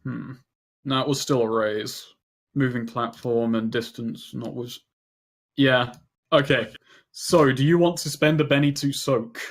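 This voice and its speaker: A man's voice: mid-range voice, steady tone, a little slow. Casual male game master, rambling, narrates a tabletop session.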